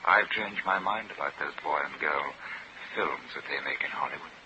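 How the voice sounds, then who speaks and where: A man's voice: rumbling low, normal speed. A man playing a smitten lord in a 1940s radio drama, speaking in a courtly, genteel way. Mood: doting. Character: smitten English lord, polite and doting. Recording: muffled old radio recording with hiss.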